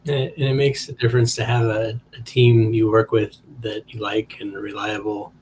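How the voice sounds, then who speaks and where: A man who is a guest and indie comic creator in a casual podcast chat, loose and quick to laugh. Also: lowish voice, little pitch movement, a little mellow, slight background noise. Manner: laughs easily, loose and joking.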